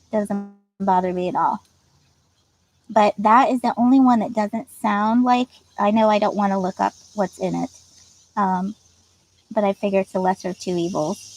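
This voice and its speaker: Over poor audio with slight background noise, a livestream host with a medium-pitched, darkish voice and vocal fry chats away. She reads viewer comments aloud, giggles plenty, and teases her viewers playfully.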